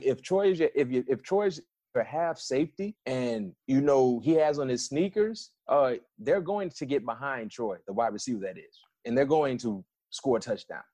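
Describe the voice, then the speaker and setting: Husky-voiced man telling animated stories. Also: medium pitch, no room sound. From South Florida. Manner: animated, repeats and restarts, acts out quotes. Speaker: guest, former football player. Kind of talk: casual storytelling interview.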